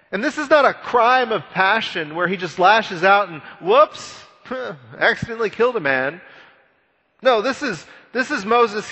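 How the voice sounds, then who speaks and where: Man preaching with bright, echoing tone. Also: high-pitched. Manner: conversational, animated storytelling with repeated words. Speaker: pastor. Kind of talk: sermon.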